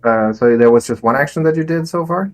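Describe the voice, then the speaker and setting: A man narrating and running a tabletop game as game master, with dramatic, unhurried narration. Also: mid-range voice, darkish tone.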